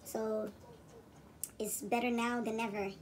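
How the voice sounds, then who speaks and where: A woman's voice: on the high side, flat delivery, takes it slowly, poor audio. A woman hosting a reaction video, giving preachy commentary and repeating her points for emphasis.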